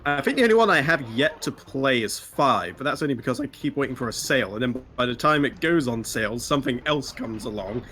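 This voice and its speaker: A man running a game on a charity stream, chatting in a relaxed, rambling way. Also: mid-range voice, fairly quick, few pauses. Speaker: speedrunner. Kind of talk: casual live-stream chat.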